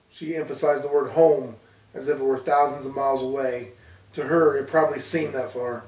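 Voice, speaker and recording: A man reading his own horror story aloud with a steady storytelling delivery. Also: mid-range voice, normal speed. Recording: roomy, distant from mic.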